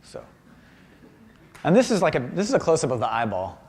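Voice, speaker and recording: Animated, self-deprecating man lecturing. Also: fairly high pitch, brisk, long reverb tail. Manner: animated and self-deprecating, acts out quoted voices. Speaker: visiting artist giving a lecture. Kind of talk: humorous public talk with slides. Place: university auditorium.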